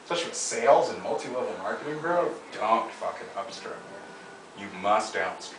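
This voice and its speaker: A man's voice: lowish voice, animated, a little fast. Bossy lecturing man in an echoey room. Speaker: dating coach. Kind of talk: mock coaching session. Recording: echoey room, from far off, faint noise.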